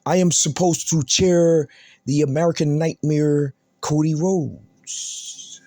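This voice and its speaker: A man doing an impression of a famous male wrestler, speaking in a low, slow, whispery promo voice. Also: steady tone, mellow, no echo, studio quality. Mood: mock solemn.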